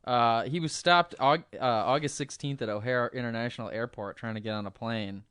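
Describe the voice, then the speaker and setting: A man's voice: medium pitch, a little fast, fairly bright tone, clear, resonant tone, dry recording. A man hosting a podcast, reading news stories offhandedly with lots of uh's and chuckles into a close mic. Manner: reads news offhandedly with many ums and chuckles. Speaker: podcast host.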